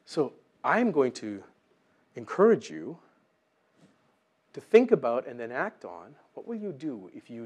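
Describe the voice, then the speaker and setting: A man preaching a sermon, animated and acting out voices in his Bible stories. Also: medium pitch, husky.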